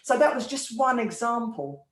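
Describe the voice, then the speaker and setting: A woman's voice: on the high side, sing-song, moderate pace, far from the mic. Earnest woman in an echoey room. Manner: earnest, retelling a personal story. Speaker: therapist and podcast host. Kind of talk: casual talk on a live podcast. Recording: roomy echo, speaker away from the mic.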